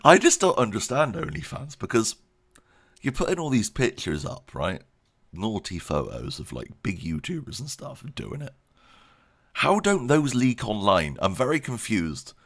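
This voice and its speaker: A man's voice: medium pitch, big pitch swings, a little slow, creaky, fairly bright tone. A man giving a casual channel update, rambling and self-deprecating, laughing often. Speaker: YouTube creator.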